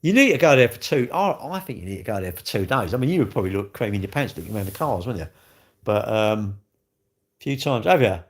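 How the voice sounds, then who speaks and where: Gravelly man rambling to viewers. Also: lowish voice, sing-song, fast. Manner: rambling, jokey banter. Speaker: livestream host. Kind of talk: casual chat with viewers.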